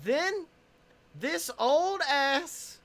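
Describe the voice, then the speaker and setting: A man's voice: very high voice, animated, very slow, gravelly, fairly bright tone. A young man co-hosting a podcast, telling stories in casual chat, mimicking people, swearing and laughing often. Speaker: podcast co-host.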